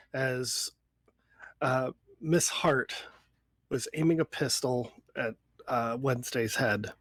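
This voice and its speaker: A man narrating a tabletop role-play as game master in a measured way. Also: fairly high pitch, no echo.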